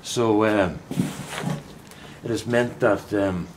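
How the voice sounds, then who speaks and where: Older man, low rambling chat. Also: fairly even intonation, takes it slowly, background noise. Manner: meandering, chummy, many restarts and asides. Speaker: gardening vlogger. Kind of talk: casual rambling chat to camera. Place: outdoors in a windy vegetable plot.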